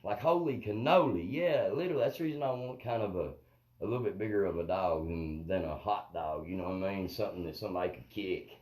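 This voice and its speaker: A man's voice: deep voice, quick pace, darkish tone, poor audio. A man rambling through a profane comic monologue on a live stream, constantly checking in with his viewers. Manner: profane, rambling, keeps asking "you know what I mean". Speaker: comedian hosting a live stream. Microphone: phone or webcam on a live stream.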